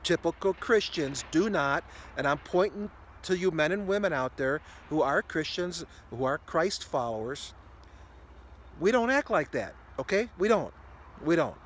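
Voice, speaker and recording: A man's voice: a little high, lively intonation, measured pace, a bit bright, a little hiss or hum. A man in his sixties telling a rambling everyday story to camera, with many fillers and restarts. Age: 60s. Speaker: ministry video host.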